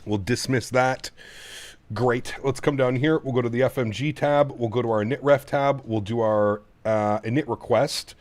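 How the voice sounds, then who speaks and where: A man's voice: mid-range voice, fairly even intonation, normal speed, a little mellow. A man from Canada hosting a casual live flight-sim stream, cooing to his dog and talking through cockpit setup steps.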